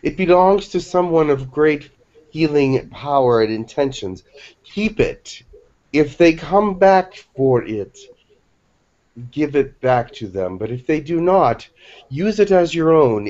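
A man's voice: on the high side, animated, slow pace, darkish tone. A man speaking as a channeled otherworldly being, in formal, blessing-like phrasing. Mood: solemn. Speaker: channeled entity. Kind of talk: channeling session. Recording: dull lo-fi webinar audio.

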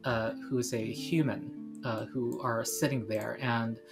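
A woman's voice: very deep voice, steady tone, takes it slowly, creaky, over music. A woman narrating as game master of a tabletop game, hesitant with many fillers.

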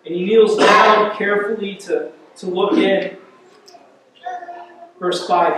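High-voiced pastor preaching in an echoey hall. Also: male voice, a little slow, pauses often, a bit bright, a little hiss or hum. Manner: vivid storytelling, repeats words when building intensity. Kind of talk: sermon. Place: church. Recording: echoey church hall, mic at a distance.

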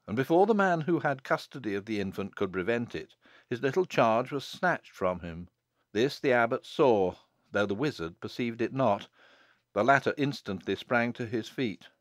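A man narrating a classic novel audiobook in a measured, dramatic storytelling manner, close to the mic. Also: lowish voice, no room sound. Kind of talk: scripted narration.

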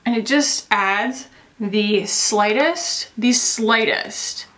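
A woman draws out her words in a slightly high, a bit bright voice while doing a casual makeup tutorial. The beauty vlogger explains as she applies makeup, rambling and chatty with plenty of "like" fillers.

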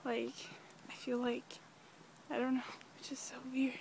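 A teenage girl chatting casually in a rambling, giggly daily vlog, talking softly while walking outdoors in a quiet neighborhood. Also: fairly high pitch, completely flat delivery, a little slow, creaky, slight background noise. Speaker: vlogger.

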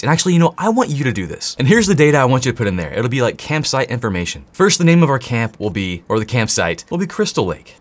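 Hyped up american guy teaching code, voice jumps all over, jokes at the viewer, keys clacking. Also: medium pitch. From United States. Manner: excitable, jokey, talks straight to the viewer. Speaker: coding instructor. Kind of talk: enthusiastic tutorial.

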